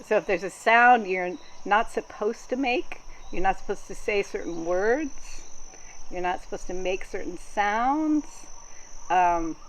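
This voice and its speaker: A woman guides a group through a workshop in a calm, explanatory voice at an ordinary pitch. She pauses on frequent ums as she explains. A faint hiss sits under the recording. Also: poor audio. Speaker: workshop facilitator.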